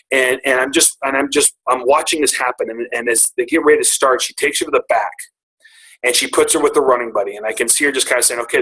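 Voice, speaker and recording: A man's voice: medium pitch, bright, forceful tone, rough recording. A middle-aged man telling a personal story to his team on a call, earnest and emotional, often restarting his sentences.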